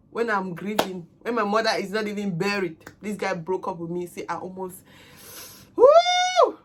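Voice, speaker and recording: A young woman tells a personal story to camera in casual vlog chat. Her voice sits a little high for a woman. She drops to near murmurs and then bursts out loudly. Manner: emotional, swinging from soft murmurs to loud outbursts. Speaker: vlogger.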